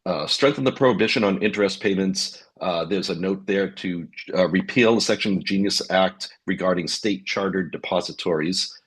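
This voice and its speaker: A man as a guest on a fintech podcast, explaining in a measured way, with many ums and uhs. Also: sits low, husky. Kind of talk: casual podcast conversation.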